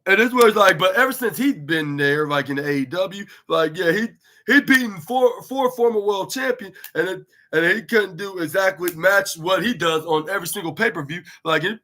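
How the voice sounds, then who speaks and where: A man with a high, bright, forceful voice talks through a wrestling episode in loose, rambling podcast chat. He retells the dialogue and leans on "like" constantly. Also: brisk, hardly any pauses. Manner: rambling, heavy use of filler "like", retells dialogue. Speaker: podcast host. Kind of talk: casual wrestling show recap.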